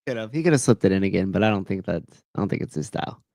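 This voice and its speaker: A man's voice: low-pitched, animated, rapid-fire, gravelly, darkish tone, dry recording, clean studio sound. A man co-hosting a podcast, chatting in a laid-back, slangy, agreeable way. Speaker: podcast co-host. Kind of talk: casual chat.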